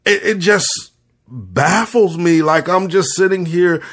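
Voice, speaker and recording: A man's voice: sits high, slow, a bit bright. A man giving an impassioned, earnest spoken reflection to an audience, speaking directly to his listeners and repeating phrases for emphasis.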